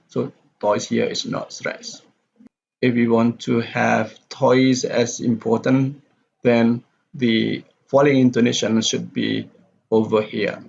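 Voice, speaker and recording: A man lecturing on pronunciation, methodically repeating example sentences slowly with exaggerated stress. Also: medium pitch, level tone, vocal fry. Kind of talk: recorded lecture. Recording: dull lo-fi recording with faint background hiss.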